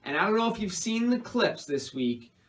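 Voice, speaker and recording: Upbeat high-voiced man hosting a sports recap. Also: sing-song, moderate pace, a bit bright, low-quality recording. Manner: upbeat, chatty, full of sports banter. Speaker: host. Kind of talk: casual sports league recap.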